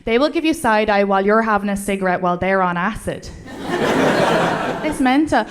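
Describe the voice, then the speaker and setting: A young Irish woman with an Irish accent doing a stand-up set on a club stage, talking in a dry, conversational way with animated punchlines. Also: mid-range voice, brisk. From Ireland. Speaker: stand-up comedian. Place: comedy club stage with laughing audience. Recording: live club with clear background noise.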